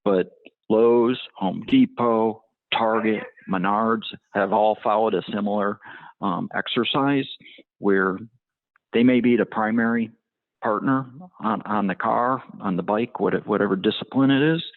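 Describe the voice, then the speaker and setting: A man's voice: on the low side, measured pace, no room sound. A man giving business interview answers in a hesitant way, with many ums and restarts. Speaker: tire brand motorsport marketing guest. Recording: tinny phone-like line, dry.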